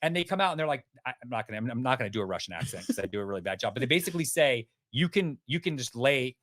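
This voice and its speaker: A man telling a vivid story as a podcast guest, lively and animated. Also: mid-range voice, rapid-fire, no room sound, clean studio sound. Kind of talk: storytelling in an interview.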